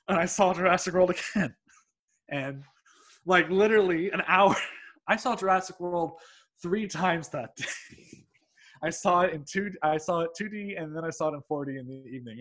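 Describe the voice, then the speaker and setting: A man who teaches English telling a personal story in a rambling, excitable way, swearing freely and laughing mid-sentence. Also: fairly high pitch. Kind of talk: casual anecdote telling.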